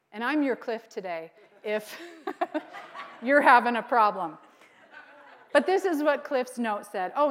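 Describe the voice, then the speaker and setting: A middle-aged woman pastor preaches a sermon in a fairly high voice. She tells her story with animation, acting out what people said and laughing often along the way. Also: a bit bright.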